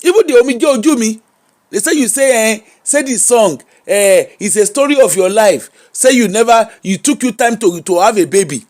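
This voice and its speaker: A woman's voice: a little high, lively intonation, moderate pace, darkish tone. A Nigerian woman hosting a gossip show, giving casual commentary in an exclamatory way and switching freely between English, Pidgin and Yoruba.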